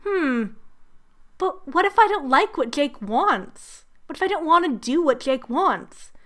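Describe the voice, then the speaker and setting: A doubtful young heroine who hums and hedges before agreeing, voiced by a woman reading her lines. Her voice is high and light. She sounds unsure and musing. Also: sing-song, measured pace, a bit bright, heavily acted.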